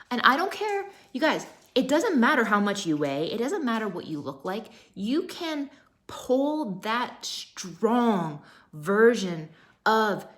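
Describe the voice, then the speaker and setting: A woman in her thirties, a fitness coach giving an emphatic motivational talk on a live stream, repeating her rallying phrases. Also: mid-range voice.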